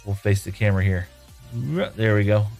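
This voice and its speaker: A man's voice: on the low side, normal speed, creaky, darkish tone, soft background music. Folksy male streamer reading chat. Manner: reads chat aloud and answers in a folksy, rambling way. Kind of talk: casual live-stream chat. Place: home room.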